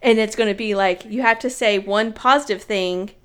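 A woman in her thirties co-hosting a casual chat, talking in a chatty, animated way and laughing often. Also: mid-range voice, normal speed, clear, resonant tone.

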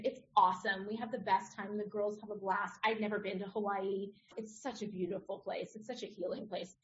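A middle-aged woman, a podcast guest, telling a personal story in a casual, animated way and acting out the other people in it. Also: mid-range voice, slight background noise. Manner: animated, acts out others' voices in her story. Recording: dull lo-fi audio.

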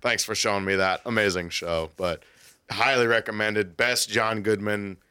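Casual co-host, male, bright tense tone, animated storyteller. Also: lowish voice, clear, resonant tone. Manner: animated storytelling with quick quoted voices and laughter. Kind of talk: casual chat.

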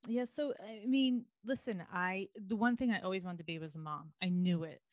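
A woman's voice: medium pitch, moderate pace, dry recording. A woman from New York, a podcast guest, telling stories in a chatty, frank way and swearing casually. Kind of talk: casual interview chat.

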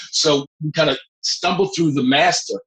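A middle-aged man, a guest actor, telling a long behind-the-scenes story in a lively way, often breaking into laughs. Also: on the high side, a little slow, rough recording. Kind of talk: anecdotal storytelling.

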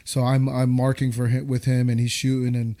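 Man, 30s, from the US, casual storytelling, animated, warm mellow tone. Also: mid-range voice, fairly quick. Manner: animated, acts out quoted voices, laughs while telling. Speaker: guest telling a war story.

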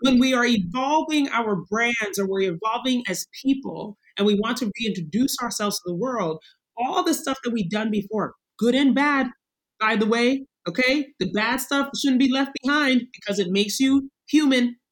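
A woman in her forties, a guest in a conversational interview, talking in an animated, emphatic way and acting out little voices as she goes. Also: fairly high pitch, moderate pace, rough recording.

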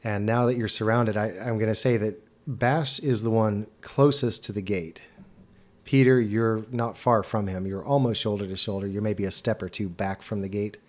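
A man's voice: lowish voice, fairly even intonation, moderate pace. A man narrating a tabletop game as game master, descriptive and sometimes stumbling over his words.

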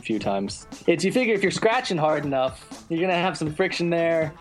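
A man's voice: a little high, big pitch swings, normal speed, faint music behind. A young man chatting casually on a podcast about his webcomic, rambling with restarts. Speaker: webcomic artist guest.

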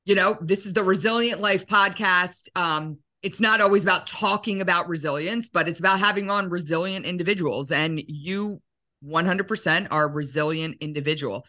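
A woman hosts a podcast and asks her guest questions. Her voice is bright and forceful, and her manner is enthusiastic and affirming. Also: on the low side, normal speed. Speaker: podcast host. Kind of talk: interview questions.

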